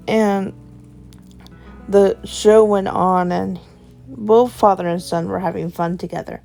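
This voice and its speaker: Slow gravelly woman telling a story. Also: medium pitch, fairly even intonation, warm tone, soft background music. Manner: rambling, strings events with "and then". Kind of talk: improvised storytelling.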